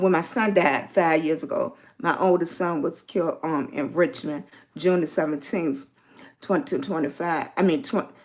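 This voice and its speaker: A middle-aged woman with a Virginian Southern accent, chatting casually on a livestream, greeting viewers by name and spelling them out. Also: mid-range voice. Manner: slow, warm greetings to chat, spells out viewer names. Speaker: lifestyle livestreamer.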